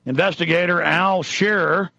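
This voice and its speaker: A man hosting talk radio, ranting in an indignant, impassioned monologue. His voice sits a bit high, with a gravelly fry and a sharp, forceful edge. The sound is dry and a little dull, like a close studio mic. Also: fairly even intonation, normal speed, no echo. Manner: ranting, indignant, reads news items aloud. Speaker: radio talk show host.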